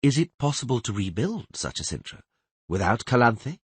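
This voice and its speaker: A man's voice: medium pitch, very animated, normal speed, slightly rough, no room sound, pitched above the performer's own voice. A man voicing a blunt, scornful king in an audiobook, speaking with dry force. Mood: forceful. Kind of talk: audiobook character voice.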